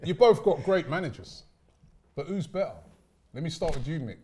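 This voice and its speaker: Male show host moderating a fan face-off, upbeat, slightly high voice. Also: expressive, normal speed, a crowd in the background. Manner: upbeat, prompting questions. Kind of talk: moderating a football debate.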